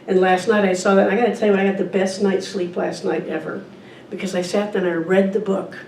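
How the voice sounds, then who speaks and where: A woman's medium-pitched, slightly mellow voice moves a little fast with little pitch variation as she gives an informal sermon at a church service. As guest speaker, she reads from a picture book and chats with the audience, asking them questions. Slight background noise and faint ambience come through a distant mic in an echoey room.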